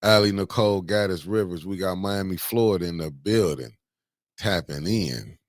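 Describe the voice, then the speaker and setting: A man hosting a casual morning livestream, greeting viewers by name with slangy, animated banter. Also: low-pitched, moderate pace, dry recording, studio quality. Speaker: livestream host.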